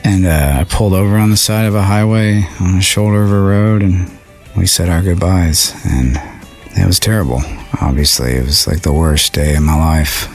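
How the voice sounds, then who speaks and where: A man being interviewed as a songwriter, recounting a painful memory in an earnest, halting way with many fillers. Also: sits low, soft background music. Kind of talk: emotional interview storytelling.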